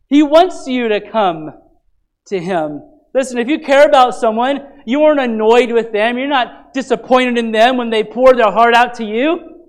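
A man's voice: very high voice, low-quality recording. A male pastor giving an earnest, conversational sermon in a church, asking his listeners rhetorical questions.

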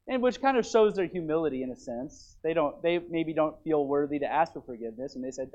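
A man's voice: fairly high pitch, animated, quick pace, few pauses. Earnest preacher man, lo-fi sound. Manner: rises to emphatic then drops to quiet earnest. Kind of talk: sermon. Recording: dull lo-fi recording.

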